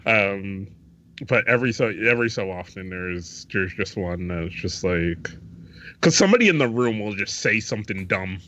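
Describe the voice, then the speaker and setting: A man's voice: on the low side, animated, moderate pace, pushed and bright, a little hiss or hum. A man co-hosting a podcast in casual chat, hesitant and repeating his words. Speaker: podcast co-host. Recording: dull lo-fi mic.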